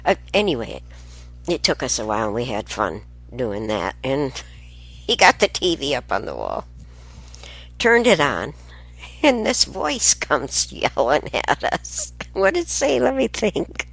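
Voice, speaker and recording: Deep-voiced older woman, rambling and laughing. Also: huge pitch swings, unhurried, creaky, a bit bright, breathy edge. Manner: rambling, sidetracked, laughs often. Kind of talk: casual family storytelling.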